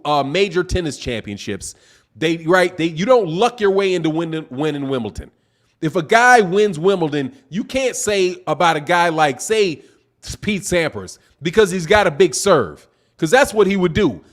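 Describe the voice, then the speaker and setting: A man with a notably high voice hosts a live boxing stream and answers his chat. He argues in a heated, profane, exasperated way and keeps his talk casual and full of slang. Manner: talks fast with casual slang. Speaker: boxing channel host reading live chat.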